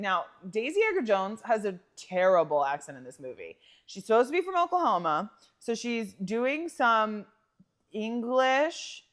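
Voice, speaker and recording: Lively laughing woman podcast co-host. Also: medium pitch. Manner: animated storyteller, laughs often, acts out quoted lines. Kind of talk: casual chat.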